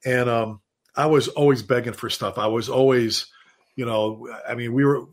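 A man, a fire chief guest on a show, telling stories in an animated, casual way with many restarts and repeated words. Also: medium pitch, moderate pace. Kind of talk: casual storytelling.

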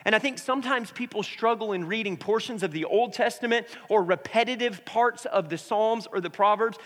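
A man's voice: sits high, brisk, a bit bright. A man preaching a sermon as pastor, praying and then telling a family story to the congregation on a stage microphone. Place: church sanctuary with congregation. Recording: reverberant church hall.

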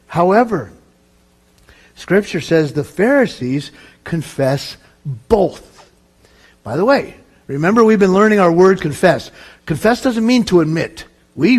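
A man preaching a sermon, animated, acting out quoted voices and laughing with the congregation. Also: high-pitched. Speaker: pastor.

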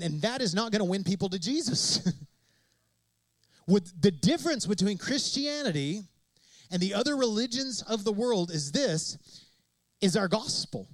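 A male pastor preaches with a high, ringing voice, driving his points home through repetition and rhetorical questions. The sound is dry and close, with almost no room echo. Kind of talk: sermon.

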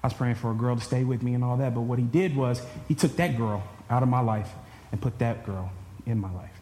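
A man's voice: medium pitch, steady tone, fairly quick, dark tone. A man telling an emotional personal story to a church congregation. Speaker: churchgoer giving a personal testimony. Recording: echoey hall with faint ambience.

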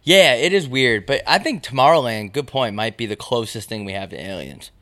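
A young man co-hosting a casual podcast, joking crudely and talking with animated swings. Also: mid-range voice, a little fast. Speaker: podcast co-host. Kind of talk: casual chat. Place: small hot home studio.

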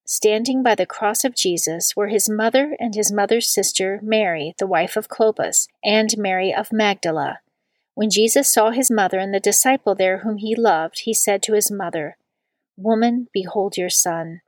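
A woman giving a steady, measured scripture reading. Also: mid-range voice, no echo.

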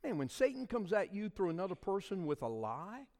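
A middle-aged man preaches in a fairly high, animated voice that rises into loud declarations and drops into quiet asides. His voice rings with the long reverb of a large hall. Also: fairly quick. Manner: preaching with sweeping swings between loud and soft. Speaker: pastor. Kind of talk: sermon.

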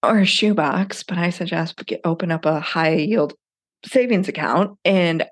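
A low-pitched woman in her thirties hosts a podcast on her own. She speaks candidly and casually, swearing freely as she encourages her listeners. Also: measured pace. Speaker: podcast host. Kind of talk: casual solo podcast talk.

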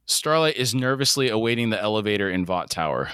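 A man's voice: on the low side, fast, clean tone, dry recording, studio quality. A man co-hosting a podcast, reading out an episode recap. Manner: steady read-aloud narration. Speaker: podcast co-host.

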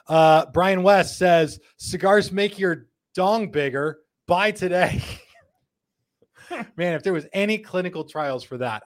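A man hosting a live show, reading viewer comments aloud with jokes, laughing often and slipping into quick voices for quotes. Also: fairly high pitch. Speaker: host.

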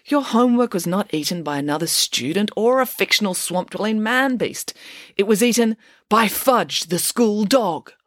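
A woman's voice: mid-range voice, lively intonation, moderate pace, no room sound, clean studio sound, voice pushed up, lightly acted. A woman voicing an unflappable, matter-of-fact young girl detective in a storybook reading. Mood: explaining.

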